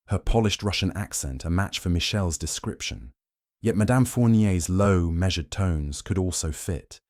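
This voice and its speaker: Deep-voiced man narrating a mystery. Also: darkish tone, dry recording, clean studio sound. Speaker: audiobook narrator. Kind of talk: scripted narration.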